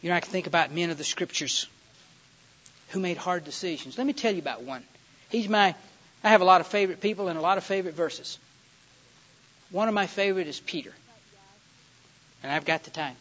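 Male preacher, high voice, folksy and emphatic, muffled recording. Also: a little fast, pauses often, fairly bright tone. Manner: folksy storytelling, building to emphatic climaxes. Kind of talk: sermon. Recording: dull lo-fi sound.

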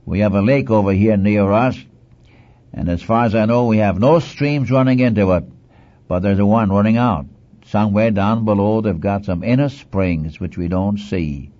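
Low mellow-voiced man preaching. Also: moderate pace, dull audio. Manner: earnest, exhorting, repeats phrases for emphasis. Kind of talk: sermon.

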